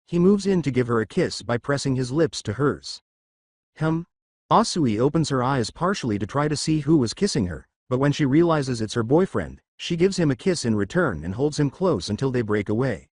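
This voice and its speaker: A man narrating a fan fiction story in an even storytelling manner. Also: medium pitch, moderate pace, dry recording, clean studio sound. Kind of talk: fanfic story reading.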